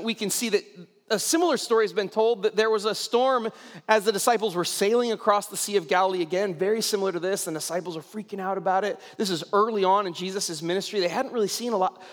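A man's voice: sits high, fairly bright tone. A young adult man preaching a sermon, telling the story casually and animatedly as a pastor. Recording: long reverb in a large hall.

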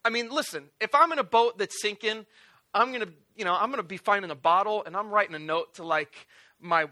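A man preaching with a very high, strikingly bright voice. He tells the story in an animated, joking way and keeps slipping into acted-out voices. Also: brisk. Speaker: pastor. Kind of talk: sermon.

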